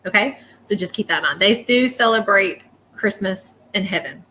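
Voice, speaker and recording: A woman's voice: medium pitch, animated, normal speed, sharp tone. A woman gives a live-stream psychic reading, chatty and often checking in with "okay?". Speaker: psychic medium.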